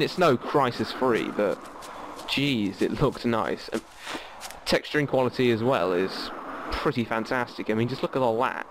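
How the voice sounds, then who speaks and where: A man casually commenting as he plays a video game. He rambles a little and fills pauses with lots of ums. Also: medium pitch, noisy background. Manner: chatty, rambling with many fillers. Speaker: gaming channel host. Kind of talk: casual let's play commentary. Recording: game audio under the voice.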